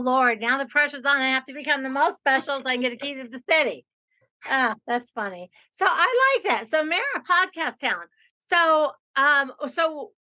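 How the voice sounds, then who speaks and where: A woman's voice: sits high, bright, forceful tone, lo-fi sound. A woman in her sixties hosting a podcast interview, chatty and playful, with a lot of "like". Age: 60s. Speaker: podcast host. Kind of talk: casual interview.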